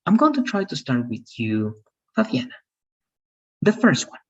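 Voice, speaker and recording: A male grammar teacher speaks at a normal pace in an online class, his slightly husky voice sitting a little high and swooping wildly in pitch. He patiently goes over points again and again, frequently asking "all right?" to make sure students understand, over slightly muffled call audio.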